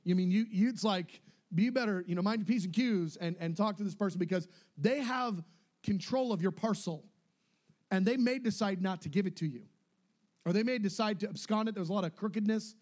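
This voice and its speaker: A man's voice: sits high, fairly quick. A young man telling a story casually, acting out what others said in shifting voices. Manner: animated, acts out quotes with shifting voices. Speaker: storyteller recounting a mission trip.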